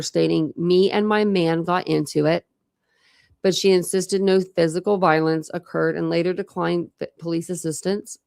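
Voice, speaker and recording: Gravelly low-voiced woman chatting about a case. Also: darkish tone. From Ohio. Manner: chatty, thinks aloud, reads transcripts aloud. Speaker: true crime channel host. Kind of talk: casual case discussion, reading out records.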